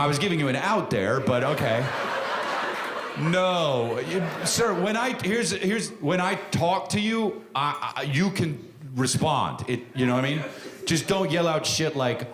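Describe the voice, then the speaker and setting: A man's voice: on the high side, expressive, slow pace. A man doing profane, mocking crowd work on a comedy club stage. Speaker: stand-up comedian. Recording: echoey club room with loud crowd noise. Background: audience laughter and room ambience.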